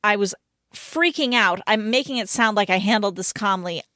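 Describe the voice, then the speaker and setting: A woman in her thirties co-hosts a relaxed chat show. She is an animated storyteller who laughs partway through her sentences. Her voice sits at an everyday middle pitch, recorded close and dry with no room sound. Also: normal speed, no echo. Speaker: podcast co-host. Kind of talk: casual chat.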